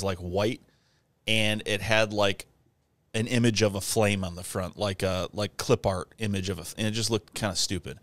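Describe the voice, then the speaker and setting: A man's voice: fairly low pitch, no echo. A man co-hosting a podcast, chatting casually and telling stories with lots of laughter. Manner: animated storyteller, laughs often, does silly voices. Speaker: podcast co-host. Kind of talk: casual chat.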